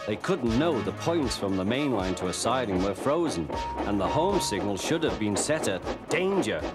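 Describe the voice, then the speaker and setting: Lively British storyteller man. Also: fairly low pitch, moderate pace, loud music behind the voice. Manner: lively and expressive. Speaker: narrator. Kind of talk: storybook narration.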